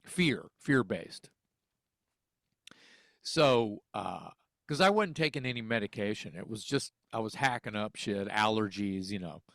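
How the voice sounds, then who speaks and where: A man's voice: fairly low pitch, lively intonation, measured pace, gravelly, a bit bright, no echo, clean studio sound. A man who sings and teaches music, from Texas, telling a story in casual conversation, acting out phone calls and swearing freely. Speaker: interview guest, singer.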